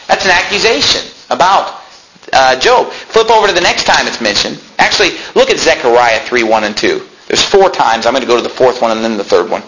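A man's voice: on the high side, expressive, a little fast, pushed and bright, a little hiss or hum, low-quality recording. A man preaching a sermon in a church, reading scripture aloud and telling his listeners which words to underline. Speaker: pastor.

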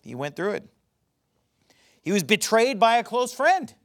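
A man preaching a sermon, speaking emphatically and rising into loud dramatic quotations of scripture. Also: high voice, big pitch swings, a little slow.

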